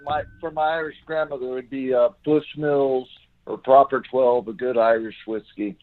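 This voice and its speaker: A man's voice: medium pitch, fairly even intonation, moderate pace, narrow, tinny audio. A man chatting as a guest on a call-in show, hesitant and stammering. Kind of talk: casual call-in chat.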